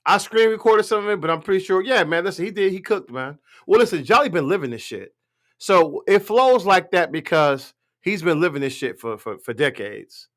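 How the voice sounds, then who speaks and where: Man, higher pitch, profane, blunt, rambling, live stream rant. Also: animated, moderate pace, a bit bright. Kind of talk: casual political rant.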